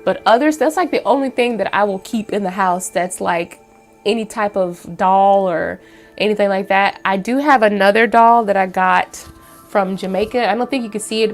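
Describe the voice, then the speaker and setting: Her voice sits in the mid range as she, the host of her own channel, talks to the camera from home. The story wanders casually, peppered with fillers and restarts.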